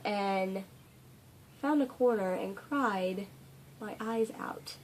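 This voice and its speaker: A woman's voice: on the high side, lively intonation, takes it slowly, pauses often, a little mellow. A teenage girl hosting a casual fandom Q&A vlog from home, gushing with dramatic asides. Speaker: fandom channel host. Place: home room.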